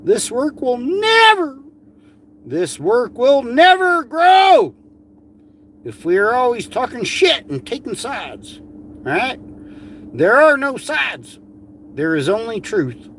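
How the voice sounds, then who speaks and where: A man putting on a shrill, mocking falsetto of a whiny, preachy woman with a heavy South Texas drawl. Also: wildly swooping pitch, slow pace, pauses often, a bit bright, slight background noise, exaggerated voice. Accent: put-on South Texas.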